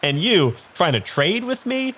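A man's voice: high-pitched, very animated, a little slow, fairly bright tone, voice pushed up, heavily acted. A man voicing a giant male bridge troll who is weary and grumbling, talking in a frank, rambling, complaining way.

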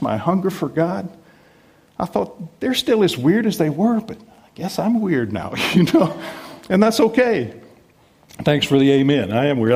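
A middle-aged American pastor delivers a sermon in a conversational, self-deprecating style, adding lively emphasis. His voice sits a little high and sounds husky.

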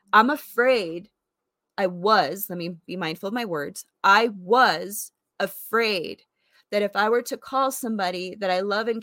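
A woman's voice: mid-range voice, a bit bright, dry recording, clean studio sound. A woman in her forties gives a reflective personal testimony in an earnest, conversational way, full of fillers. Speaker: vlogger sharing faith testimony.

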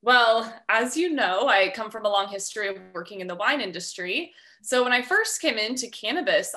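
A woman's voice: medium pitch, bright, forceful tone. A woman talking as a podcast guest, explaining at length in a friendly way, with ums and light laughs. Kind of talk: casual interview chat.

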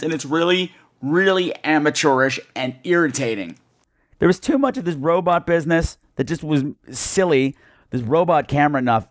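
A podcast host giving a heated, profane, sarcastic movie review. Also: male voice, a little high, dry recording, clean studio sound.

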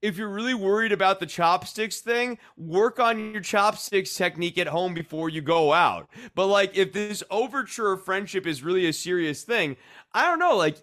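A man's voice: high-pitched, a bit bright. A man co-hosting a casual comedic discussion, rambling and filling his talk with "like". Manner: rambling, heavy use of "like". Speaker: podcast co-host.

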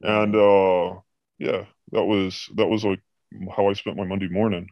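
A man's voice: lowish voice, a little slow, no room sound, muffled recording. A man telling a story about a former boss in casual podcast chat, swearing freely and acting out scenes. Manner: profane, animated anecdote telling. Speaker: podcast guest recounting a job.

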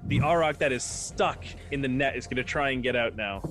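A man's voice: mid-range voice, brisk, a bit bright, soft background music. Casual man running a tabletop game. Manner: casual, loose narration full of fillers and restarts, counts dice aloud. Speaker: game master.

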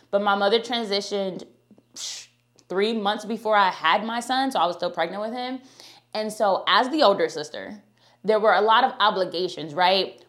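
A young adult woman hosting a podcast, chatty and animated, talking directly to her listeners and reading her own ad. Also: medium pitch. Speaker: podcast host. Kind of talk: casual podcast talk with ad read.

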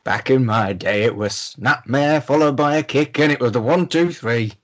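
A man's voice: medium pitch, normal speed. A man, a podcast guest chatting casually, swearing and mocking himself in a flustered way. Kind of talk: casual chat.

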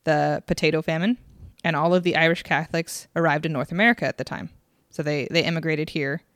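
Low-voiced woman chatting casually. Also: steady tone, fairly quick, a bit bright, dry recording, studio quality. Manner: chatty, laughs often, swears casually. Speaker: podcast co-host. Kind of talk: casual chat.

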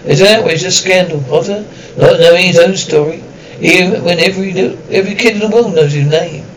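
A man voicing a huge, gruff but kindly male giant groundskeeper in an audiobook, speaking in a rambling, folksy way with halting restarts. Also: high-pitched, close to an everyday voice, poor audio. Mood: earnest. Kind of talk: audiobook character reading.

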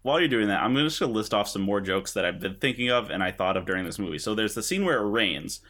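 Low-voiced man recounting favorite gags. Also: quick pace. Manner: relaxed, recounts gags, casual swearing. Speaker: podcast co-host. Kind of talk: casual movie review chat.

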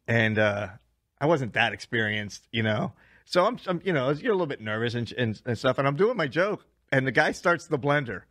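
Laughing, swearing comedian with a dry close sound. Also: male voice, medium pitch, sharp tone, dry recording. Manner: rambling storyteller who swears and laughs a lot. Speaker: stand-up comedian and podcast host. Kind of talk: casual chat, swapping road stories.

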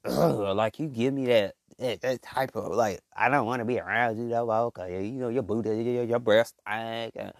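A man doing a comedic rant monologue, rambling and slangy, full of fillers and restarts, jumping from low mumbles to loud outbursts. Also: steady tone, normal speed, creaky, few pauses, dry recording, studio quality.

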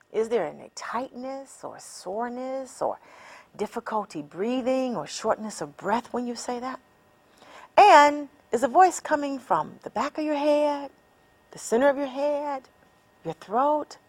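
A woman hosting a self-help podcast, speaking in a calm coaching way that builds to emphatic encouragement. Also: medium pitch. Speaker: podcast host. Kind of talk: reflective self-help teaching.

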